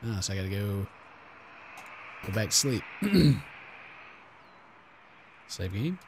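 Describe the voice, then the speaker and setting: A man's voice: fairly low pitch, sing-song, slow pace, a little mellow, a little hiss or hum, poor audio. A young man casually commenting while playing a video game, muttering and mocking himself in exasperation. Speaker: gaming channel host. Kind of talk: let's play commentary.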